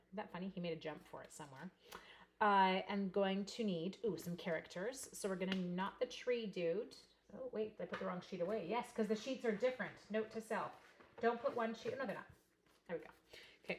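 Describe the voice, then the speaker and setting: A middle-aged woman talks her viewers through a live crafting demonstration in a friendly, rambling way, calling out names from the chat. Her voice sits in the middle range, and she often sinks into quiet murmurs as she works. Faint noise hums underneath. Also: mid-range voice. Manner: chatty, greets live viewers by name; drops to soft murmurs while working. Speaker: card-making demonstrator.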